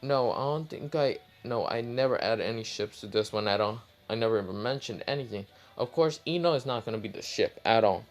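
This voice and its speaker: A man's voice: lowish voice, fairly quick, hardly any pauses, soft background music. A man casually retelling his own fan-fiction story, rambling with many fillers and side remarks.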